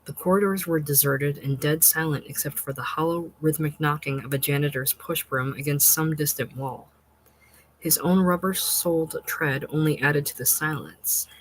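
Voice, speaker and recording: A narrator reading a literary short story in a measured, unhurried and expressive way. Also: medium pitch, slight background noise, poor audio.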